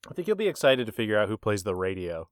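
A man hosting a casual movie quiz. He reads the answer options deliberately and teases his guest. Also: lowish voice, big pitch swings, no echo, clean studio sound. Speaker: quiz host. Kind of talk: casual podcast chat.

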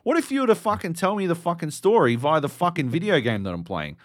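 A man's voice: fairly high pitch, big pitch swings, fast, no echo, clean studio sound. A man co-hosting a podcast, ranting sardonically and swearing constantly in casual chat. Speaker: podcast co-host.

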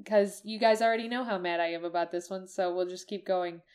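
A woman's voice: lowish voice, fairly even intonation, brisk, a little mellow. A woman co-hosting a podcast, chatting casually as she recaps a video game, with frequent ums and restarts. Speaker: podcast co-host.

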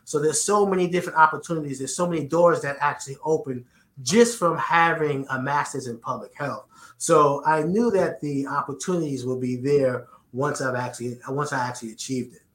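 A guest from the Bronx, New York, answers interview questions earnestly in a New York accent, often repeating words while he finds his phrasing. His voice is fairly high, brisk and a bit bright, in a reverberant space.

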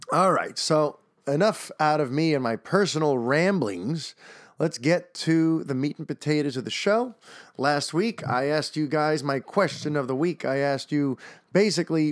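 A man's voice: mid-range voice, no room sound. A man in a loose, chatty podcast monologue, rambling and stumbling through restarts as he goes. His voice sits in a middle register, and it is recorded close on the mic with a dry, dead sound. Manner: rambling, chatty, self-interrupting with repeated starts. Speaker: podcast host.

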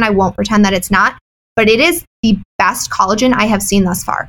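Fast-talking candid woman in an interview. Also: mid-range voice, rough recording. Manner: animated, candid, chatty with frequent "like" fillers. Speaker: wellness business owner, guest. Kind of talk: casual interview chat.

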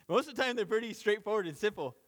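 A man's voice: high-pitched, lively intonation, brisk, a bit bright. A man teaching through a Bible passage in an informal, conversational way, chuckling between points and restarting sentences. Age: parent of children. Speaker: pastor.

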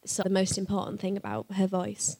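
A woman's voice: mid-range voice, very animated, brisk, dark tone. A woman voice actor answering audience questions on a live panel, chatty and playful, laughing often. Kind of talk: casual panel Q&A.

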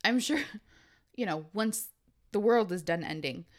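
Lively swearing woman podcast host. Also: mid-range voice, a little slow. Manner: lively, swears, laughs often. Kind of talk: casual podcast chat.

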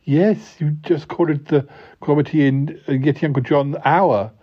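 A man's voice: a little high, steady tone, normal speed, slightly rough, highs cut off. A man playing a scruffy, laid-back male podcast co-host who chats and teases his partner, in improvised comedy banter.

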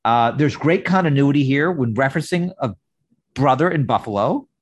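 A man's voice: mid-range voice, expressive, moderate pace, breathy edge. Rambling man podcast co-host. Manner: rambling, restarts often. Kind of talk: casual chat.

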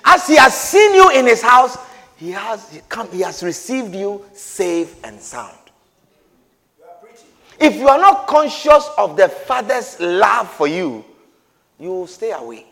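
Man preacher, high lively voice, slow emphatic delivery, long hall echo. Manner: emphatic, repeats phrases, swings between loud and soft. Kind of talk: sermon. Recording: echoey hall reverb.

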